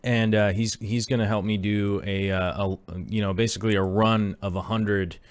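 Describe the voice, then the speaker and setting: Speaking at a moderate pace with little pitch movement, this thirty-something aquarium channel host rambles through a live stream, full of fillers, reading out chat messages as he goes. The recording is close and dry, his voice fairly low and free of any room sound.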